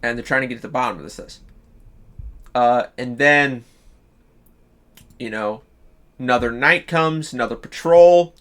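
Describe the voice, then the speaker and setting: A man streaming live, pitching a story in loose casual chat, swearing freely and restarting sentences. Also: a little slow, long pauses, a bit bright. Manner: profane, loose, full of fillers and restarts.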